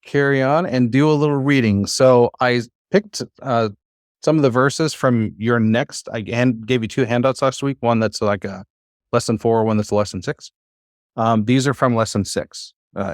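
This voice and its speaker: A man teaching a class, talking in a relaxed, halting way with many fillers and restarts. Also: lowish voice, no room sound, clean studio sound. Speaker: Bible Hebrew teacher.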